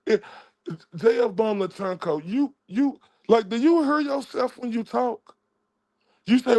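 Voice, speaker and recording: Profane ranting man, gravelly voice. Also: very high-pitched, unhurried, a little mellow. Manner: confrontational, profane, mocking. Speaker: livestream commentator. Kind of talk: heated livestream rant.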